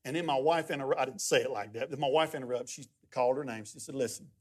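A middle-aged man preaching as a guest pastor, telling stories in a lively, humorous way. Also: medium pitch, fast, slightly rough. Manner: animated, humorous storytelling with many restarts. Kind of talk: sermon.

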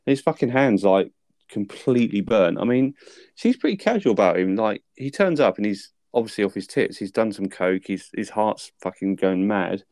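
A young man casually retelling a film scene, sweary and animated, laughing as he goes. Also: on the low side, moderate pace, no room sound, clean studio sound. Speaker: podcast co-host.

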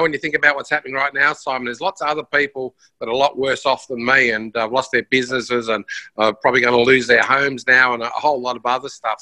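Man, very bright tone, dry close sound, modest casual talk. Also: medium pitch, no room sound, low-quality recording. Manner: modest, earnest, conversational. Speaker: guest musician and broadcaster. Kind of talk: casual interview chat.

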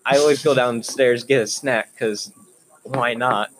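A young man co-hosting a casual chat, telling stories in a relaxed, matter-of-fact way. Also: mid-range voice, a little slow, slight background noise, low-quality recording. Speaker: co-host.

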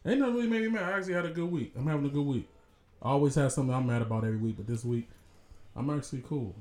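A man's voice: medium pitch, racing, a little mellow. A man co-hosting a casual chat show, laid-back and teasing. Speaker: podcast co-host.

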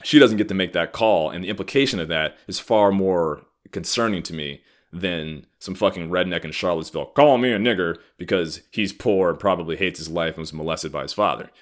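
A man in his thirties hosting a solo podcast, talking bluntly and profanely in a heated, animated rant. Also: low voice, fairly quick, hardly any pauses. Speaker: podcast host. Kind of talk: solo ranting podcast talk.

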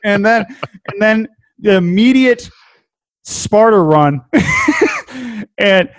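A man with a Welsh accent in casual podcast chat, animated, laughing often and swearing casually. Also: high-pitched, takes it slowly, clean tone, dry recording.

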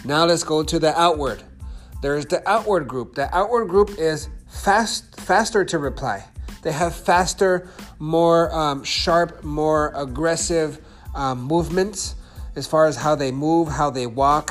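Higher-voiced man teaching, checking in "okay?". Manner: repetitive, checks in with "okay?" and "right?". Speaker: sales and persuasion teacher. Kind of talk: instructional talk.

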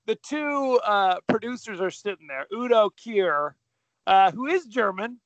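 A man with a high, bright voice co-hosts a podcast, chatting casually and poking fun at himself as he rambles through his thoughts. His voice is recorded close and dry. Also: expressive, a little slow, no echo. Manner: joking, rambling, self-deprecating. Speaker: podcast co-host. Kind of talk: casual chat.

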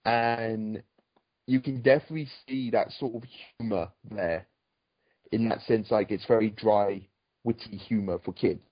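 A man's voice: fairly low pitch, fairly even intonation, measured pace, husky, no room sound. A man chatting casually on a podcast about a cartoon, rambling and restarting his sentences. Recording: dull, dry, lo-fi sound.

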